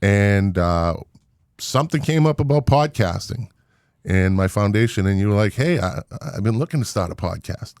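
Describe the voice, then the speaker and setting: A man's voice: on the low side, lively intonation, moderate pace, a little mellow, no echo, studio quality. A middle-aged man hosting a casual interview podcast, jokey and chatty, laughing often. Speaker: podcast host.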